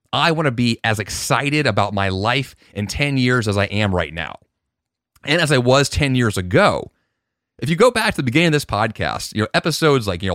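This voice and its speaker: A man's voice: medium pitch, a bit bright, dry recording, studio quality. A man hosting his own podcast, talking in an earnest, reflective way with fillers and restarts. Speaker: podcast host. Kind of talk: casual solo podcast monologue.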